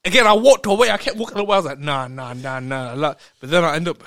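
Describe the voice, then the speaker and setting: Excitable man telling a story. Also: on the high side, fast, dry recording, studio quality. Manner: excitable, laughs often, repeats words. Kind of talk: casual storytelling chat.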